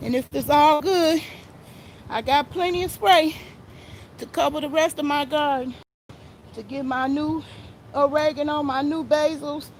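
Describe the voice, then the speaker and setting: A high-pitched woman talks casually to her viewers as she works outdoors in her garden, a little winded from the effort. She is recorded on a phone, with a faint hum of traffic and outdoor noise behind her. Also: fairly even intonation, measured pace, long pauses. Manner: chatty, talks to viewers as "y'all" while spraying plants. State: slightly out of breath. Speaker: gardening vlogger. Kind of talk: casual narration while gardening.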